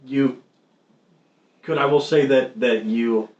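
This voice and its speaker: A man narrating as game master of a tabletop game, halting with many ums and restarts. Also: mid-range voice, fairly even intonation, a little mellow. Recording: roomy, muffled stream audio with faint noise.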